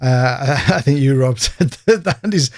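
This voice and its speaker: An English man co-hosting a podcast, recapping scenes in a steady narrating way during casual chat. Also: mid-range voice, a little slow. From England. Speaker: podcast co-host.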